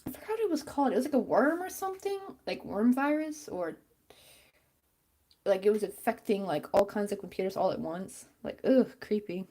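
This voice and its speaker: A woman's voice: medium pitch, animated, brisk, dark tone. A woman chatting casually and rambling with many fillers while she crochets on a stream.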